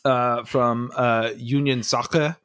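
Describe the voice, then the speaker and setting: A man's voice: mid-range voice, takes it slowly, smooth. A young man co-hosting a podcast, chatting casually and rambling with plenty of fillers. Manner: relaxed, rambling, lots of fillers. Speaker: podcast co-host. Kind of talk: casual chat.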